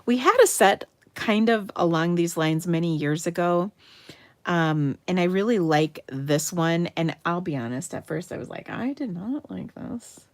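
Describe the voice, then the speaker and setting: A middle-aged woman from Minnesota hosting a live card-making demo, chatty and enthusiastic, dropping into soft muttered asides as she works. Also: lowish voice, no room sound. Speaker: craft livestream host.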